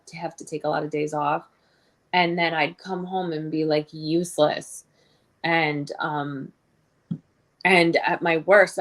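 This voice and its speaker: A young adult woman telling her personal story as an interview guest, candid and halting, with many restarts and fillers. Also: deep voice, fairly bright tone.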